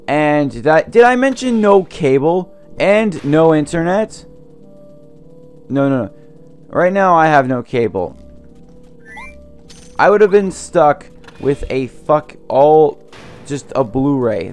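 A young man commenting on a video game as he plays, ranting angrily about his family and swearing, his throat sore from yelling. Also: on the high side. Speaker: let's play host. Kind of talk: gameplay commentary.

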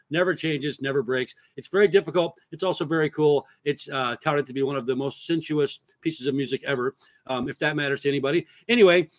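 A man's voice: on the high side, no echo. A man teaching a casual drum lesson, explaining parts in a loose, plain way and counting rhythms aloud.

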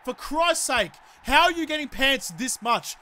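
An Australian man narrates his football video game in a very high, bright and sharp voice. He fumes and curses at his players, then slips into mock-polite sarcasm. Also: animated, measured pace, slight background noise. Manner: exasperated, swearing rants at the game. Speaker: gaming YouTuber. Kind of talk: let's play commentary.

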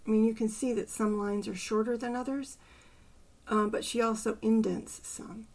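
An older woman hosting a poetry channel, thinking aloud and softly counting syllables under her breath as she picks a poem apart. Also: on the high side, steady tone, normal speed. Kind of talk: casual poetry analysis.

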